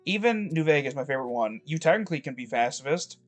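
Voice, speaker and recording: A man's voice: on the high side, animated, quick pace, faint music behind. Rambling, profane man narrating gameplay. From Michigan. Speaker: gameplay commentator. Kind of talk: casual let's-play commentary. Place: rural home.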